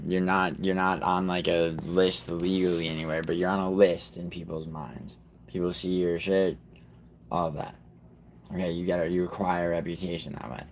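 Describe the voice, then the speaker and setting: A man's voice: deep voice, slight background noise. A man hosting a livestream in a rambling, profane way, talking straight to his chat. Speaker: livestream host. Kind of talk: casual livestream chat with viewers.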